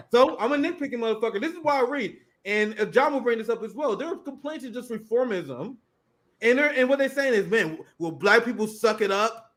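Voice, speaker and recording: Man, 30s, political co-host; sarcastic, profane, high-ish voice. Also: animated, fairly quick, a bit bright. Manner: sardonic, reads headlines and mocks them. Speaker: podcast co-host. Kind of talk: casual political commentary.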